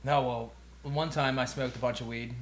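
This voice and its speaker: A man's voice: medium pitch, steady tone, moderate pace, a little hiss or hum. A young man co-hosting a podcast, telling a story in casual chat, acting out the quotes and swearing freely. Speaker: podcast co-host.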